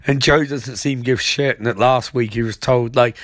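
A man rambles through a comic recap of a TV episode, stammering over his words and dropping curses and sarcastic asides. His voice sits at an everyday middle pitch. The sound is very dry and close, with no room around it. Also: brisk, few pauses, no room sound. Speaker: show recapper.

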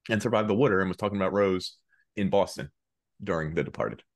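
A man's voice: low-pitched, fast. A man co-hosting a podcast, chatting casually with self-deprecating jokes. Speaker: podcast co-host. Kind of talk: casual chat.

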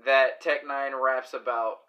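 A man co-hosting a podcast, chatting casually over beers, rambling and halting, often laughing. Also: mid-range voice, fairly even intonation, muffled recording. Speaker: podcast co-host.

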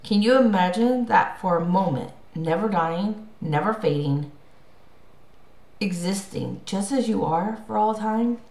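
A woman voicing a calm, wise male centaur teacher in an audiobook, speaking gravely and deliberately. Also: medium pitch. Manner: grave, measured. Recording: roomy echo.

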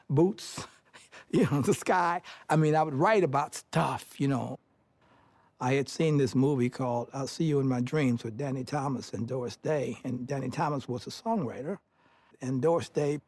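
An older man from Detroit, USA, recalling his childhood in an interview as an animated storyteller who chuckles as he talks and acts out family dialogue. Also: fairly high pitch, no room sound.

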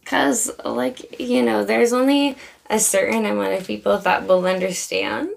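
A woman's voice: medium pitch, a little slow, vocal fry. A woman personal trainer chatting casually as a podcast guest, swearing now and then. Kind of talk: casual chat.

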